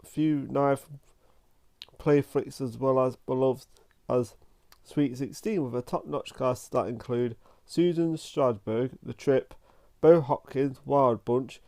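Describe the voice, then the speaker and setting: Male channel host, casual film review, mellow warm tone, meandering delivery full of restarts. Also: mid-range voice. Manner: rambling and halting, with frequent restarts and "like" fillers.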